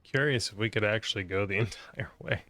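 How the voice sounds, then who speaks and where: Tired, low-voiced man playing a game. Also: a little fast, sharp tone, dry recording. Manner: tired, mumbling, swears offhand. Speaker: gaming streamer. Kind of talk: casual let's-play commentary.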